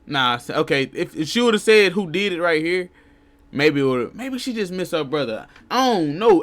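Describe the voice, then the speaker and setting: Male streamer, casual reaction talk, animated pitch, trips over his words. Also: moderate pace. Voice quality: loose, rambling, self-interrupting talk. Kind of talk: casual live-stream commentary.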